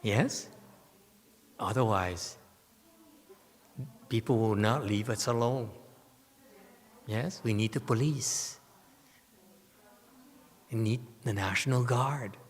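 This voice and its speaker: Guy giving a buddhist dharma talk, lots of "yes?" and "okay?" questions to the room, long echoey hall. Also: mid-range voice. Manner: animated storytelling with rhetorical questions. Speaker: Buddhist teacher. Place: temple hall.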